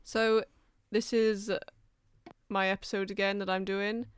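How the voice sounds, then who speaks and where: A woman's voice: mid-range voice, level tone, measured pace, clear, resonant tone, no room sound. A woman from London with a mixed Welsh and English accent, co-hosting a podcast in dry, blunt banter. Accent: mix of Welsh and English. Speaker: podcast co-host.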